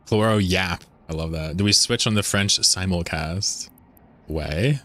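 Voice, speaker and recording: A man's voice: low voice, unhurried, sharp tone. A man live-streaming a game, chatting casually and joking with viewers, swearing now and then.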